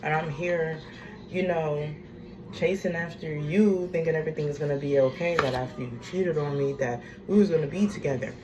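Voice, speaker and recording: A low-pitched woman spills a storytime rant, blunt and sassy. Her delivery is drawn-out and expressive. A clear hum of background noise runs under her voice. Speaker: vlogger.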